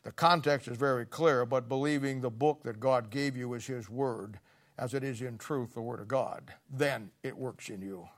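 A man preaching a sermon with a blunt, scolding, plain-spoken manner, swinging from quiet murmurs to loud emphatic peaks. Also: mid-range voice, normal speed.

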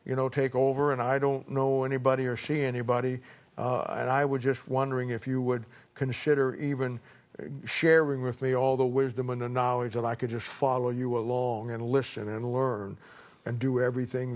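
A man preaching who voices an eager young male apprentice, stammering as he pleads and rising high when angry. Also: little pitch movement, normal speed, natural voice. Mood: pleading. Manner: stammering, pleading then shouting in outrage.

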